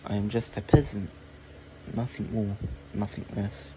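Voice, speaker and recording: Brief: a man doing a modest young peasant, earnest and plain, low even voice, air-conditioner hum behind. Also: unhurried, close to an everyday voice.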